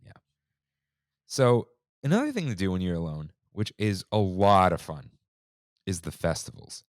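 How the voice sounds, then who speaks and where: A man in his thirties co-hosting a podcast in a relaxed, slangy chat style, saying "dude" and "like" often. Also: deep voice, moderate pace, no room sound, studio quality. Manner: laid-back, slangy, says "dude" and "like" often. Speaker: podcast co-host. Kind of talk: casual chat.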